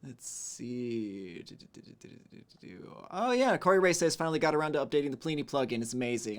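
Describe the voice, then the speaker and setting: A man hosting a casual livestream, greeting viewers and reading chat messages aloud, relaxed and chatty, humming to himself between messages. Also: mid-range voice, fairly quick, few pauses.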